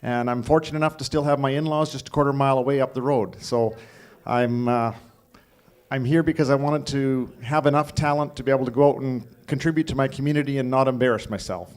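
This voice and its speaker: A man's voice: mid-range voice, fairly even intonation, quick pace, a little mellow, clear, resonant tone. Middle-aged man from Alberta calling bids. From Alberta, Canada. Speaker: student auctioneer. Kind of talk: auction bid calling and self-introduction.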